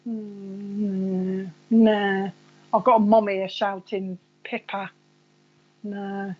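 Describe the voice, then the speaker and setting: A woman medium runs a live reading for her online viewers, talking in a loose, rambling way and calling people by name. Her voice sits at an ordinary middle pitch. The stream audio is a little dull and lo-fi. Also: flat delivery, extremely slow.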